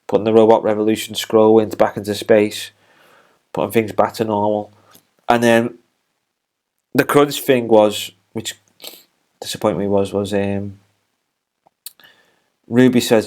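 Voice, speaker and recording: Guy with a lowish voice rambling thru a tv episode recap, lots of ums and restarts. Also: level tone, measured pace, long pauses, a little mellow. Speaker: TV reviewer. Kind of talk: casual spoken review.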